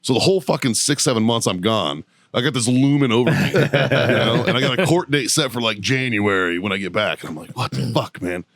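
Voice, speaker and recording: A man's voice: mid-range voice, lively intonation, a bit bright, dry recording, clean studio sound. A man, a podcast guest, telling a story in casual, profane chat and laughing often as he talks. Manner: profane, laughing, rapid anecdotal retelling. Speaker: podcast guest, show producer.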